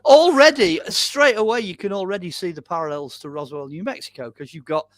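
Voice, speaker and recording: A man with a slightly higher voice than most recounts a tale as a podcast guest, lively and full of "um"s and "you know"s. The recording is close and dry, with almost no room sound. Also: brisk, no echo. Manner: animated retelling with many "um"s and "you know"s. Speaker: guest storyteller on a paranormal podcast. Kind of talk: casual interview storytelling.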